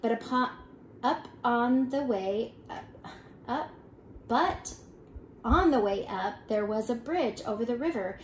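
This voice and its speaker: An older woman reading a children's storybook aloud in an expressive way, with small slips and restarts. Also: a little high, takes it slowly, long pauses, a little hiss or hum. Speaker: storybook reader. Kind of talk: children's read-aloud narration. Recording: echoey room.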